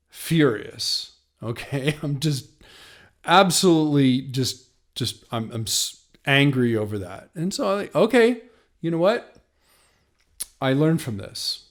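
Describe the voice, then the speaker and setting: A man who works as a patent agent, telling a personal story in a casual monologue, acting out both sides of past conversations with many fillers and restarts. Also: mid-range voice. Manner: animated retelling, acts out both sides of dialogues; frequent restarts and "you know" fillers. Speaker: patent agent and podcast host.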